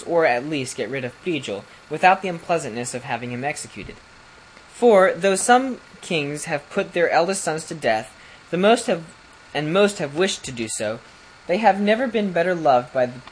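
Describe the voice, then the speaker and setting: A man's voice: fairly high pitch, slight background noise, low-quality recording. Man reading a fairy tale aloud. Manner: even reading with occasional slips and restarts. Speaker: audiobook reader. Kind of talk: storybook narration.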